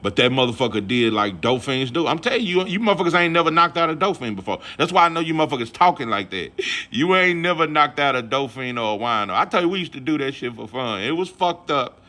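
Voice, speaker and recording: A man's voice: mid-range voice, expressive, fast, pushed and bright. A man vlogging about boxing in a casual, rambling, profane rant full of fillers.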